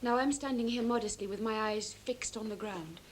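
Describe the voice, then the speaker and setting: A woman's voice: fairly high pitch, normal speed, slight background noise, close to an everyday voice. An actress as a bitter, mocking young woman. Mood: defiant. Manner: sarcastic and defiant. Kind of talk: 1970s televised stage drama.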